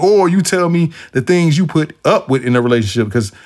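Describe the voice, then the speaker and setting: Fast-talking animated man telling stories. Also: on the high side. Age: adult, past his younger days. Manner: animated storyteller, acts out quotes in shifting voices; swears freely, slangy street talk. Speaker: podcast host. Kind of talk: casual storytelling chat.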